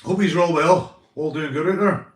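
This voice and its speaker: A man's voice: fairly high pitch, moderate pace, recorded from a distance. A Northern Irish man chatting casually to viewers on a live stream, rambling and swearing, calling everyone mate. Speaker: livestreamer. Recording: roomy, off-mic sound.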